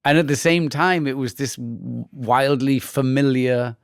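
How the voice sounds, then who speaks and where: A man's voice: mid-range voice, fairly even intonation, unhurried, gravelly, dry recording, studio quality. A Welsh man in his forties talking through an interview in a thoughtful, conversational way, often restarting sentences. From Wales. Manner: thoughtful, with frequent restarts and mimicked voices. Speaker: actor, interview guest.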